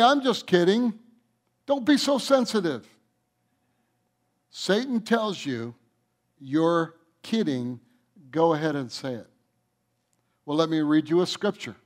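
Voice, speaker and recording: A man preaching a sermon as a pastor, stressing key points by slowing down and letting phrases fall soft at the end. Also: fairly high pitch.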